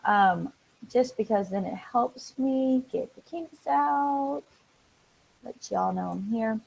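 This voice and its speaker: A chatty woman hosts a casual live stream, reading viewer comments aloud with lots of ums and quick restarts. Her voice sits fairly high and carries a gravelly fry, and she gets excitable easily. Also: poor audio. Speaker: livestream host.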